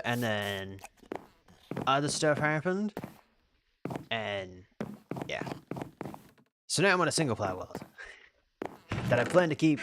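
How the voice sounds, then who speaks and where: A man's voice: medium pitch, background noise. An Australian man streaming a game and chatting casually, rambling and restarting his sentences as he answers chat. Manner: reads out and answers chat questions. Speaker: live streamer.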